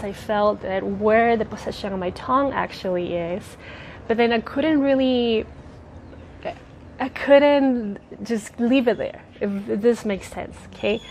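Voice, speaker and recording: A mid-pitched woman in her thirties, a native Spanish speaker with a slight lisp. She talks in an earnest, rambling, casual way, often breaking into laughter. Cars pass faintly in the background. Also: a little hiss or hum. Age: 30s. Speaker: spiritual vlogger. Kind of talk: casual personal talk. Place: outdoors near a road. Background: passing cars.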